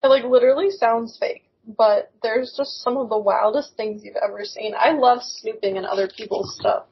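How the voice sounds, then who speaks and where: A young woman with a husky, fairly high voice rambles excitedly through casual chat and giggles easily. She co-hosts a podcast from a remote call. The audio is muffled and lo-fi. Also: moderate pace. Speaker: podcast co-host. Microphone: remote call microphone.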